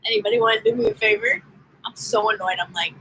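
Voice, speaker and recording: A woman's voice: medium pitch, fairly even intonation, fast, pushed and bright, a little hiss or hum, rough recording. A woman giving a live-streamed tarot reading, chatting in an upbeat, casual way straight to her viewers. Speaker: tarot reader.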